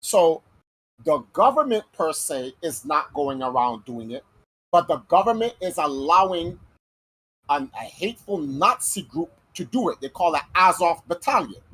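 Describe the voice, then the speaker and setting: An American man hosting a casual podcast monologue, talking in slangy, animated speech and acting out quoted voices. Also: fairly high pitch, normal speed, husky, poor audio. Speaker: podcast host.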